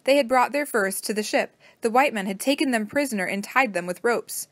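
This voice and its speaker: A woman reading a children's storybook aloud as narrator, in a steady, plain manner. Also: fairly high pitch, fairly quick, no room sound.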